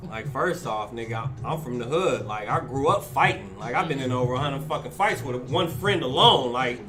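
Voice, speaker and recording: A man in his thirties telling a story in casual chat, animated and swearing, acting out the people in it. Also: mid-range voice, moderate pace, over music. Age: 30s. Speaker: podcast host.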